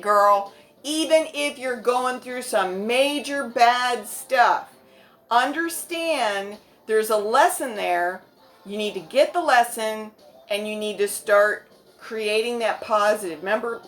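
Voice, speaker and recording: A woman in her fifties giving a motivational vlog talk to her viewers, earnest and frank with casual language. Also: mid-range voice. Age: 50s. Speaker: vlogger.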